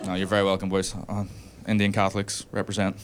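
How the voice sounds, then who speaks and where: A man's voice: low-pitched, monotone, quick pace. A Northern Irish man doing a brash live stand-up set, riffing with the crowd and laughing through his lines in a small room. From Northern Ireland. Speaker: stand-up comedian. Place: small converted hotel room, live audience. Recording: noisy live club recording.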